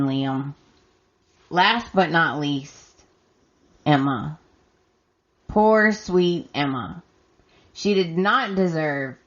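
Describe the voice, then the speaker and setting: A woman hosting a podcast, recapping in an emphatic, exasperated way and talking straight to her listeners, her voice hoarse and scratchy. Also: fairly low pitch, highs cut off. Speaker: podcast host. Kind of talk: solo recap commentary.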